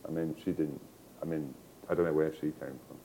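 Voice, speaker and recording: Deep, mellow-voiced middle-aged man. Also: fairly even intonation, fairly quick, creaky, slight background noise, poor audio. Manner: discursive, digressive storytelling with frequent restarts. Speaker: novelist. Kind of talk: book club conversation. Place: live event before an audience.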